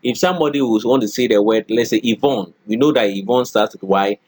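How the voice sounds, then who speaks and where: A man's voice: lowish voice, fairly quick, darkish tone, breathy edge, no room sound. A middle-aged man lecturing a college class, often checking in with "okay" and "all right" and acting out spoken examples.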